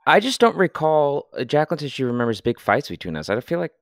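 A young man chats as podcast co-host, joking and often trailing off, his pitch leaping all over the place. The recording is dry and close. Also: big pitch swings, fast talker, creaky, no echo. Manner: joking, trails off mid-sentence. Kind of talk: casual chat.

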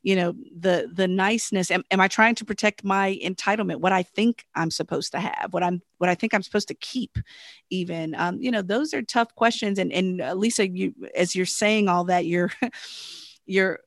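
Animated woman with a gravelly voice. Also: medium pitch, moderate pace, no room sound, clean studio sound. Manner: animated, laughs often, frequent "you know". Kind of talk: casual podcast conversation.

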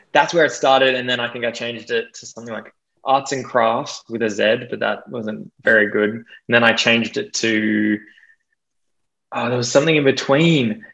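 A young Australian man chatting casually as an interview guest, self-deprecating and quick to laugh, with plenty of fillers. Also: medium pitch, creaky, fairly bright tone, muffled recording. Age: young adult. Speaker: guest DJ and producer.

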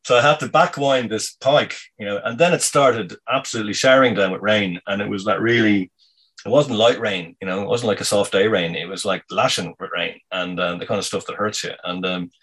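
A man telling a casual anecdote in a meandering, halting way, full of ums and restarts. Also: lowish voice, steady tone, a bit bright, husky, poor audio. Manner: meandering, halting, many fillers. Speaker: storyteller.

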